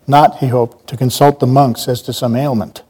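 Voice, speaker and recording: A man's voice: mid-range voice, steady tone, normal speed, dark tone, slightly rough. A man reading a novel aloud, now and then breaking off for casual, self-correcting asides. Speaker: reader.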